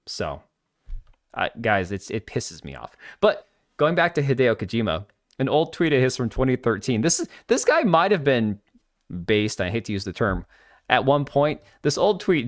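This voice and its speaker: A lively, ranting male stream host. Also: mid-range voice, dry recording, studio quality. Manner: ranting, blunt and mocking. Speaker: livestream host. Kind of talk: casual live stream commentary.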